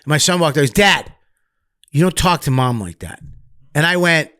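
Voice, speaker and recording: Comedian guy telling it raw on a podcast, swears a lot, jumps loud then drops soft, slightly high voice, dead dry room. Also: moderate pace, clean tone, no echo. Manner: profane, animated, swings loud and soft. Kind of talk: candid storytelling.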